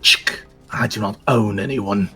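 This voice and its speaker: A man voicing a stern male githzerai monk who speaks in slow, clipped formal sentences. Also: fairly low pitch, sharp tone, faint music behind.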